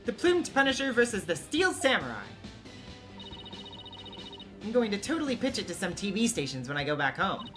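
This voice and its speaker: A man voicing a cheerful, excitable young woman sidekick during a game playthrough, with game music behind. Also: high voice, moderate pace, long pauses, voice pushed up. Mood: excited. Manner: bubbly and enthusiastic.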